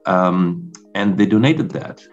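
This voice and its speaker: Low-voiced man on a dull remote line. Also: animated, soft background music. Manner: halting, searching for words. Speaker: reporter at the border. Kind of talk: remote interview.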